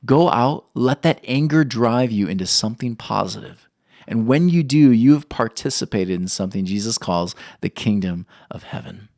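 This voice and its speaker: A man's voice: mid-range voice, animated, normal speed, a little mellow, no echo, studio quality. A young adult man preaching a sermon, earnest, putting questions to his listeners. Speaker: pastor.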